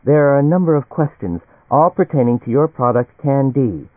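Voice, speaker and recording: A man's voice: mid-range voice, expressive, moderate pace, no room sound, voice pushed up, natural voice. A man reading the part of a composed, inquisitive woman in a raised voice. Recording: tinny, phone-like and dry.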